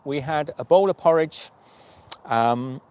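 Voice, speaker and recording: A man's voice: fairly high pitch, slow pace, darkish tone, a little hiss or hum. A man, a hiking vlogger chatting on a livestream and telling stories with quoted dialogue. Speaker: vlogger and long-distance hiker. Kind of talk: livestream storytelling chat.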